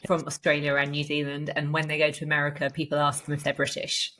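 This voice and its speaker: A woman author answering questions as a podcast guest, friendly and measured. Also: deep voice, monotone, fairly bright tone. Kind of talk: casual interview answers.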